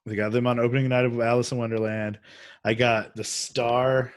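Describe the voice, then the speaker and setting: A young man hosting a casual chat about theatre, laid-back and rambling, and quick to laugh. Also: medium pitch, little pitch movement, dry recording, clean studio sound. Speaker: podcast host, actor.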